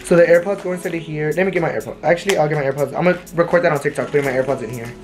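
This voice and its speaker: A young adult vlogger in a casual chat, showing off new purchases at home and telling stories in a rambling, animated way. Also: medium pitch, racing. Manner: chatty, rambling, animated storyteller. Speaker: vlogger showing a shopping haul. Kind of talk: casual haul vlog chat. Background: faint music.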